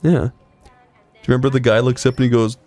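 A man co-hosting a comedy gaming show, casually making up absurd trivia with a deadpan delivery. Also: medium pitch, a little fast, over loud music. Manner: absurd deadpan nonsense claims. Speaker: let's play co-host. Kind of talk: joking casual banter.

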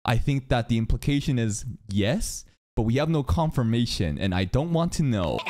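A man giving casual, profane reaction commentary on an anime episode, with sudden shouted outbursts. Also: medium pitch, sing-song, moderate pace.

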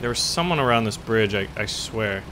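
A man giving casual gameplay commentary on a tank game, excitable and quick to burst into loud cursing. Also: lowish voice, noisy background.

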